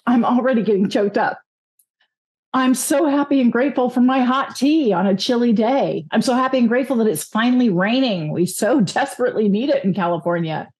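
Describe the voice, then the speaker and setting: A woman coach, a guest in an interview, talking upbeat and often slowing down to make her points. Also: a little high, lively intonation, darkish tone. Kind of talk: interview conversation. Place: California.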